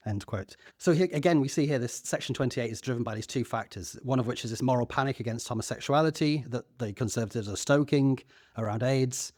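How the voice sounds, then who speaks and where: A man's voice: medium pitch, a little fast, a little mellow, no echo, clean studio sound. A man in his thirties co-hosting a podcast, talking earnestly with a few stammered restarts. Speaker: podcast co-host. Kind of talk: casual discussion.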